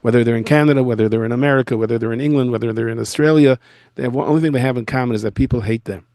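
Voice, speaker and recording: A rabbi tells stories in an animated lecture, speaking from his office in a school. His voice sits in a middle range with a gravelly edge, and the sound is close and dry. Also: mid-range voice, very fast, no room sound. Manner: animated storyteller who acts out the people he quotes. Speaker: rabbi giving an annual lecture. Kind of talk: storytelling lecture.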